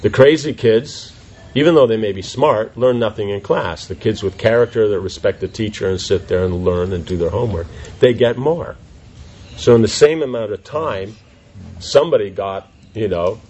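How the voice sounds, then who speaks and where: A man teaching a class in an informal question-and-answer session, animated and full of rhetorical questions. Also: lowish voice, normal speed, slightly rough, muffled recording.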